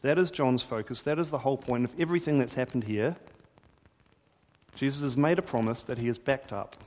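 A man's voice: mid-range voice, fairly quick, darkish tone. A man preaching a sermon in a conversational, wry storytelling manner. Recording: hall reverb.

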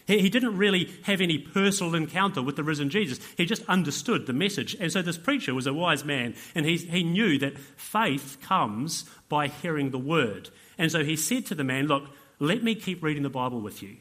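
A male preacher delivers a sermon in an earnest tone. His slightly high voice sinks to hushed, pleading lines and then climbs to emphatic declarations. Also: animated, normal speed, few pauses.

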